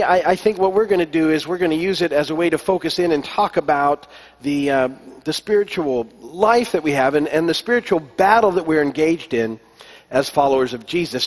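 A man preaching a sermon as pastor, telling stories in a relaxed way with many fillers and restarts. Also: on the high side. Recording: long echo of a large hall.

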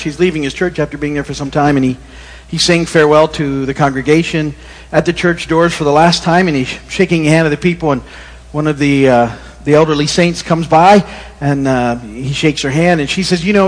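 A middle-aged male pastor giving a relaxed, conversational sermon that wanders into corny jokes. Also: on the high side. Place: church. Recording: long reverb in a church hall.

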